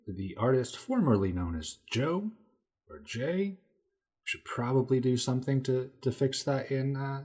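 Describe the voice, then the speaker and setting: A man playing a tabletop game, chatting casually in a joking, rambling way that trails off quietly. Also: medium pitch, breathy edge. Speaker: player. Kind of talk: casual chat.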